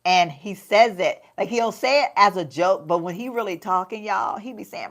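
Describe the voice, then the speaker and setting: A woman with a Southern US accent chatting casually to her viewers while she does her makeup, folksy and quick to laugh. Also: mid-range voice, big pitch swings. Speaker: lifestyle vlogger.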